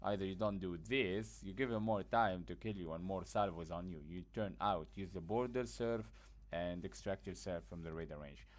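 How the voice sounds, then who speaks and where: A gaming guide creator with a low voice gives a blunt, casual gameplay tutorial at normal speed with few pauses. Sleepy from just waking up, he rambles and uses plenty of fillers.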